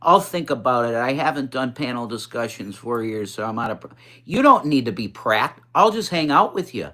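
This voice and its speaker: A man hosting a casual livestream, chatting with viewers and reading comments in a blunt, profane, rambling way. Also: normal speed. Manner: blunt, profane, chatty, swings up in pitch when excited. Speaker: livestream host. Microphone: phone.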